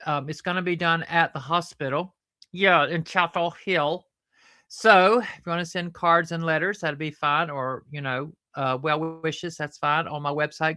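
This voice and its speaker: A woman who hosts a show with her puppet and chats in a rambling, halting way. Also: low voice, sharp tone, clean tone, dry recording, clean studio sound. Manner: rambling, halting, fond of fillers. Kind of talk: casual chat.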